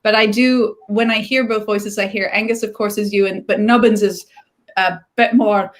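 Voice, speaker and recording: A woman's voice: medium pitch, fairly even intonation, moderate pace. A woman author chatting on a video call, laughing often and talking with many fillers and restarts. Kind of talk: casual conversation on a livestream.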